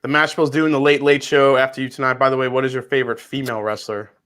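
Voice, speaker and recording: A man's voice: medium pitch, quick pace. A man hosting a casual livestream tasting chat, joking and playful. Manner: jokey, animated, playful. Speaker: livestream host.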